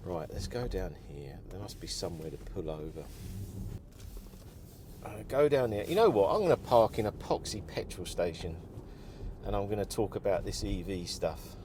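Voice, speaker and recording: A man's voice: low-pitched, animated, moderate pace, background noise. A man venting his frustration while driving, talking and muttering to himself in a car vlog. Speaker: car vlogger.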